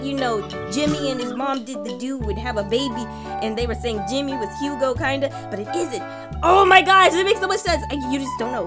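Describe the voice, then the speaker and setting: A woman playing a horror game and chatting excitedly to herself and the characters, dropping into hushed whispers when tense. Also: on the high side. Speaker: gaming channel host.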